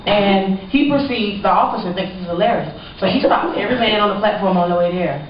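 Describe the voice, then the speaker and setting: A woman's voice: mid-range voice, a little fast, dull audio, slight background noise. A woman speaking on a university panel, earnestly telling a personal story and quoting the people involved, recorded from a distance in a lecture hall. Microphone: far from the mic.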